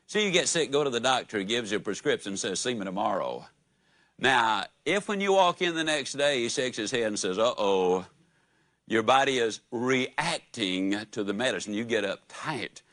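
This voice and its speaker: Lively folksy motivational speaker man. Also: mid-range voice, moderate pace, few pauses, no room sound. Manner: folksy storytelling, asks audience questions. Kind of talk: live motivational speech.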